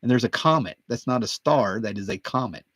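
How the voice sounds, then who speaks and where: A man's voice: mid-range voice, fairly quick, husky, no echo. Chatty man rambling about collecting. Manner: excited, digressive, many fillers. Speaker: comic book collector and video host. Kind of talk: casual rambling talk.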